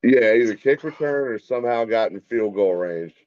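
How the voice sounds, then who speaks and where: A man's voice: on the low side, expressive, moderate pace, muffled recording. A man co-hosting a casual live football reaction show, with wry, laid-back comments. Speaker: co-host.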